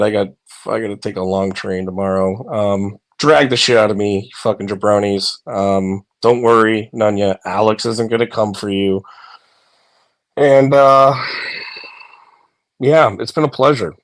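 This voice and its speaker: A man's voice: fairly low pitch, unhurried. A man chatting casually on a phone from bed, rambling with lots of fillers, swearing and laughing. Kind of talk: casual online chat.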